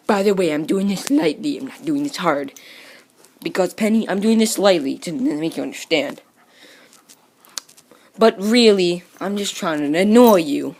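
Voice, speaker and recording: A woman's voice: on the low side, normal speed, a little mellow. A woman talking casually to her pet dog in a home video, teasing and scolding it over and over, with playful growls. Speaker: dog owner.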